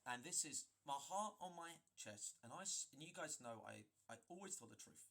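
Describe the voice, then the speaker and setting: A man recounting a story for his vlog, emphatic and often restarting his sentences. His voice is husky and fairly high, with a bright edge. His pitch swings widely as he talks. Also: normal speed. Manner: animated, emphatic, frequent restarts. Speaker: gaming video creator.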